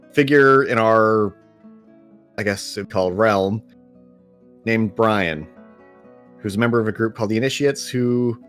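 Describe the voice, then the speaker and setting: A man playing his character in a tabletop game, explaining things loudly. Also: medium pitch. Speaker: player. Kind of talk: tabletop role-play.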